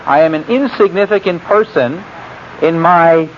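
A man voicing a humble, anxious biblical farmer who pleads in a raised, slowed, earnest tone. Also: on the high side, voice pushed up, lightly acted. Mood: pleading. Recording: muffled lo-fi recording with faint hiss.

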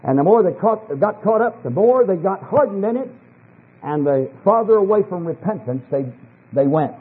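A man's voice: lively intonation, moderate pace, breathy edge. Fervent preacher man on an old tape. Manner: emphatic, swings between low asides and high fervent scripture reading. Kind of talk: sermon. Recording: lo-fi phone-like archival sermon tape.

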